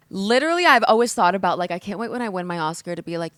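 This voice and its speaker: A woman in her mid-twenties from the States talks alone on her podcast, open and emotional, swearing often and leaning on "like." Her voice sits a little low, and the sound is dry and close with no room echo. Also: quick pace, few pauses. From United States. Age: 20s. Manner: candid, expressive, swears often, says "like" a lot. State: emotional, hungover. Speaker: podcast host. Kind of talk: emotional solo podcast monologue.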